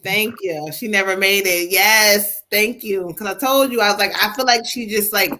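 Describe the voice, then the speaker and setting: A woman with a bright, sharp tone reads messages from spirits on a live stream. She talks in a lively, playful, conversational way. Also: medium pitch, moderate pace, slight background noise, low-quality recording. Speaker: psychic medium.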